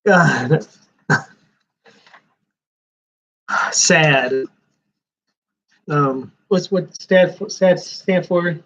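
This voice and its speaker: A man's voice: a little high, very slow, long pauses, a bit bright, dull audio. A man giving rambling live-stream commentary while flipping through a comics preview magazine, with sarcastic asides.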